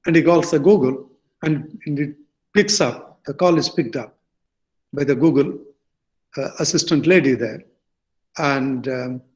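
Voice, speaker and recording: Slow-talking older Indian man lecturing. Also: fairly high pitch, rough recording. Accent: Indian English. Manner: halting, with many fillers and self-corrections. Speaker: guest speaker. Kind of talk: lecture-style talk.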